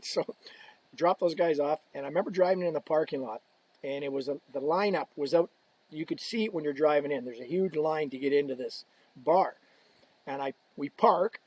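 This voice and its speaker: A man talking as a podcast guest, telling stories in a casual, animated way and acting out the people he quotes. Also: a little high, breathy edge, poor audio. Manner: animated storyteller, acts out quoted voices. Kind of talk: casual storytelling.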